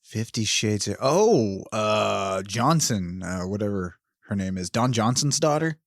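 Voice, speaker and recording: A man's voice: lowish voice, lively intonation, a little slow, creaky, no echo, studio quality. A man co-hosting a horror movie podcast, chatting casually, rambling and swearing, laughing often. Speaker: podcast co-host. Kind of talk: casual chat.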